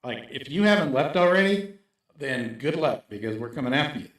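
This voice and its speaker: A man's voice: medium pitch, fairly quick. A man speaking in a casual interview as a guest, making his points emphatically and checking in with "right?". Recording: very echoey room.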